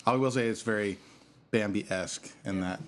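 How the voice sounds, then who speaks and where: A man in a casual podcast chat, teasing the others with quick quips. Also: lowish voice, a little hiss or hum.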